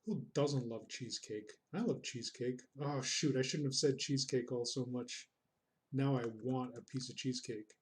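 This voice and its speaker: Goofy rambly guy drawing on stream, reads chat, talks real slow, medium pitch. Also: a little mellow. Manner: rambling, self-deprecating, goofy. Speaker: artist streaming and reading chat. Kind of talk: casual chat while drawing.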